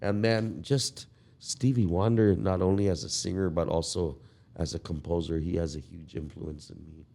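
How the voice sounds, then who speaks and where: An older man from Guam, a guest musician, telling stories in a relaxed podcast conversation. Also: low voice, gravelly. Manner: relaxed, reminiscing, drawn-out storytelling.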